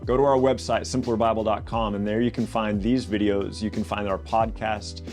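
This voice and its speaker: A man's voice: lowish voice, little pitch movement, moderate pace, a little mellow, faint music behind. A man hosting a Bible study podcast. He reads scripture aloud and explains it in a conversational way, often restarting and repeating words.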